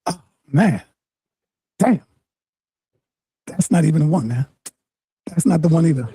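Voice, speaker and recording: A man streaming live, commenting on a clip to his viewers in an animated, indignant way. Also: a little high, a little slow, breathy edge, dry recording.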